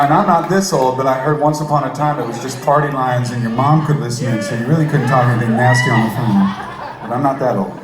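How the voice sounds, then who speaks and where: A man spins an animated, self-mocking story for a live audience, full of jokey asides. His voice sits at an ordinary male pitch. The room rings with echo and a crowd is audible. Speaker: storyteller, musician. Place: stage before a live audience. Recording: echoey room with audience noise.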